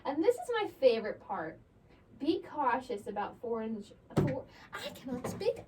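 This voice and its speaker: A woman's voice: high-pitched, big pitch swings, normal speed. A young woman co-hosting a podcast in a playful, giggly manner, reading aloud from an article and chatting casually. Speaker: podcast co-host. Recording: slightly distant mic with faint background noise.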